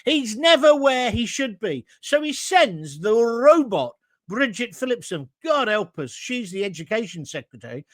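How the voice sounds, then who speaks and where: A man's voice: extremely high pitch, very animated, moderate pace, few pauses, dry recording. A middle-aged man hosting a talk show, giving blunt, combative opinions and reading out viewer comments.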